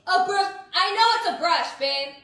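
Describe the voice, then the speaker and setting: A woman's voice: very high-pitched, animated, a little slow, bright, forceful tone, reverberant. A young woman in her twenties bickering with her partner in a scripted couple comedy skit, sassy and accusing.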